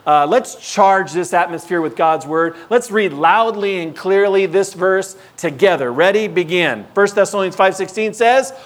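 A male pastor preaching a sermon, telling animated stories and acting out the scenes. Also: high-pitched, normal speed, few pauses.

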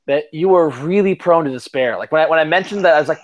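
Podcast host, male, slightly higher voice, rambling and self-deprecating, casual swearing. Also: fast, hardly any pauses. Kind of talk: casual chat.

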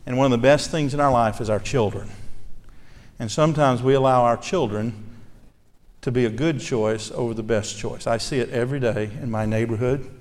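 A man's voice: mid-range voice, darkish tone. A man preaching a sermon as pastor, earnest and conversational, asking his congregation rhetorical questions. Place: church sanctuary. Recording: long reverb of a large church hall.

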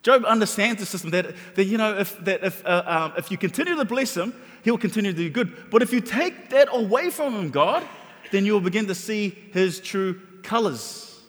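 High-voiced man preaching in a reverberant hall. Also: moderate pace. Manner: animated, conversational preaching with many restarts. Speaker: pastor. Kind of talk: sermon.

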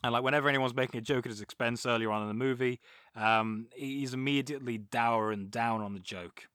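A man, co-hosting a casual podcast and talking through a film with animated, mocking asides. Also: mid-range voice, fairly quick, clean tone, no room sound, clean studio sound. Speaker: podcast co-host.

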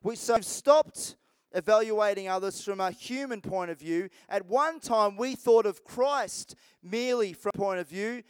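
A man's voice: high-pitched, a little slow, smooth, no echo. A man preaching a sermon as pastor, talking in a conversational, rambling way with restarts and asides.

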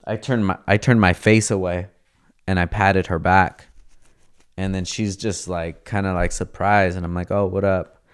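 A man's voice: sits low, steady tone, normal speed, clean tone. A young man telling a casual, profane story in slang, acting out the lines of the people in it. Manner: profane, laid-back, slangy, acts out quoted dialogue.

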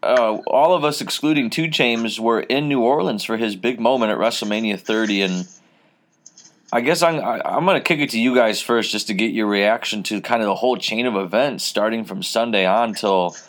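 A man with a fairly low voice hosts a casual podcast. He talks through events in a relaxed, rambling way, full of fillers and restarts. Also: normal speed. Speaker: podcast host.

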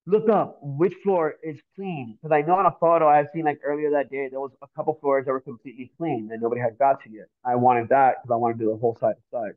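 A man from Miami, a podcast guest, telling a story in an animated, profane, slang-filled way. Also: fairly high pitch, quick pace, few pauses. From Miami, Florida. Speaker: podcast guest, graffiti artist. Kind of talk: casual storytelling. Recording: tinny phone-like audio.

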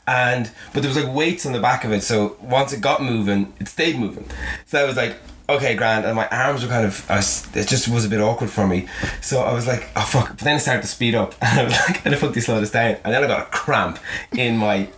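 A man's voice: mid-range voice, fairly quick, a bit bright, slight background noise. A young Irish man casually telling a travel story as a podcast guest, swearing freely and laughing as he goes. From Ireland.

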